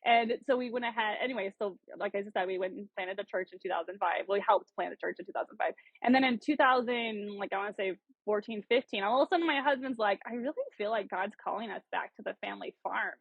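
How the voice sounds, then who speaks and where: A woman's voice: mid-range voice, fast talker, few pauses, no room sound, phone-quality sound. A woman in her thirties from South Dakota, a bubbly podcast guest telling her story with lots of laughs and fillers. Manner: bubbly, animated, laughs often, many "like" fillers. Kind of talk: casual storytelling interview.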